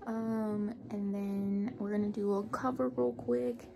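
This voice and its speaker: A woman's voice: medium pitch, steady tone, slow pace, creaky, background noise. A young adult woman vlogging casually from her car, chatty and self-deprecating, often laughing at herself. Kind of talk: casual vlog chat. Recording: background music under voice.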